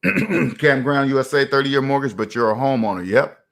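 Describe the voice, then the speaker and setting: A man hosts a finance livestream in a mid-pitched voice. He preaches in an emphatic way and hammers his points home by saying them again. He speaks casually while he reads and answers viewer comments. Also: animated, moderate pace, creaky, fairly bright tone. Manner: preachy, emphatic, repeats himself for effect. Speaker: finance channel host. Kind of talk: livestream commentary reading chat.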